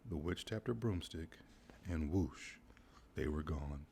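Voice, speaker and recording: A man reading a rhyming bedtime storybook aloud in a gentle, rhythmic way. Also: a bass voice, slow, creaky, a little hiss or hum.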